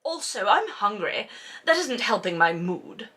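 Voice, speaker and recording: A woman mockingly quoting a smug, passive-aggressive young husband in a flat imitation. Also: fairly high pitch, normal speed.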